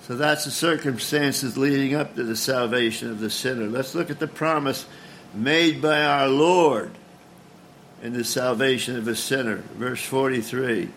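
A man's voice: mid-range voice, unhurried, fairly bright tone, a little hiss or hum. A man preaching a sermon in an earnest, emphatic way, often stumbling and restarting words.

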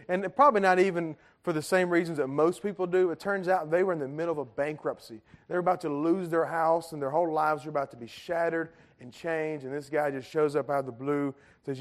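A man gives a conversational sermon to a congregation, joking and asking them questions. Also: on the high side. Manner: chatty, joking with the congregation, many fillers. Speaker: pastor. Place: church sanctuary.

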